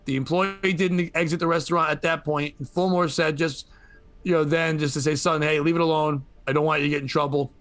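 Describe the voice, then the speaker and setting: A man with a slightly high voice tells a news story for laughs, swearing freely and acting out the people in it. The sound is dry and close, with no room around it. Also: fairly even intonation, brisk, a bit bright, no room sound. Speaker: podcast host. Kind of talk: comedic news commentary.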